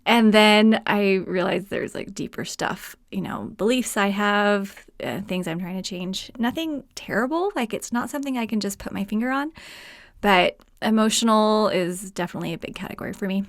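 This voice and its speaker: A woman's voice: mid-range voice, normal speed, no echo, studio quality. A woman hosting her own podcast alone from a room at home, chatting casually with many fillers and frequent laughter. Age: adult mother. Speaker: podcast host. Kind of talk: solo podcast talk.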